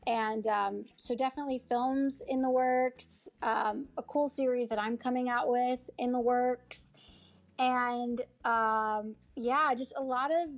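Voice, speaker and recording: Her voice sits on the high side, with fairly even intonation and a slightly slow pace. An actor and acting coach, she's the guest in a relaxed audio chat room interview, speaking from the heart with restarts and filler words, nearly crying.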